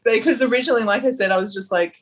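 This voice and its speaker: Husky, blunt Australian woman. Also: on the high side, racing, rough recording. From Queensland, Australia. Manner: blunt, animated storyteller, swears freely. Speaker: guest, fighter. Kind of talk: casual podcast interview.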